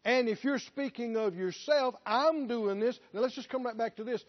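Emphatic high-voiced male preacher. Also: brisk. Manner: rhetorical questions, emphatic. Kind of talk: sermon. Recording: dull lo-fi recording.

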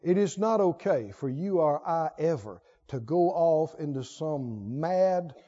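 Animated high-voiced male preacher. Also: a little slow, lo-fi sound. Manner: animated preaching with call-and-response. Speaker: pastor. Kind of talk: sermon.

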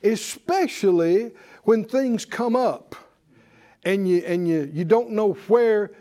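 A mellow, high-pitched man preaches at a slow pace to a congregation in church, posing questions and repeating key phrases for emphasis in call-and-response fashion.

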